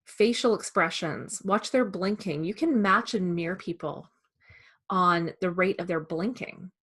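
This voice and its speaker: A woman who trains salespeople, giving a calm, measured instructional talk. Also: fairly low pitch, breathy edge. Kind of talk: instructional presentation.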